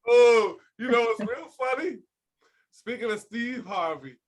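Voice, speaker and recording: A man hosting a casual chat show, talking in an animated way, laughing often and swearing freely. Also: very high voice, measured pace. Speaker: podcast host.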